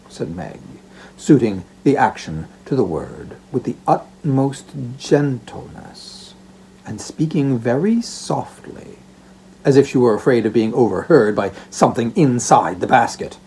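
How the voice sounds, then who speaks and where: A man's voice: medium pitch, animated, measured pace, warm tone, breathy edge. A man narrating a classic story aloud for an audiobook, in a theatrical storytelling manner. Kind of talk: expressive narration of a classic novella.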